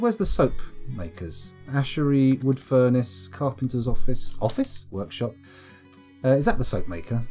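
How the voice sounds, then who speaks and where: A British man from the United Kingdom streams a live let's-play from an upstairs room at home, chatting and making self-deprecating jokes despite a sore throat. His voice is medium in pitch and dark in tone.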